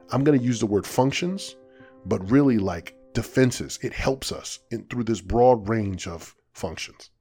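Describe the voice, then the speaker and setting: A man's voice: mid-range voice, a little mellow. A man hosting a podcast, explaining and telling a story in a casual way with playful, self-mocking asides. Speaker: podcast host.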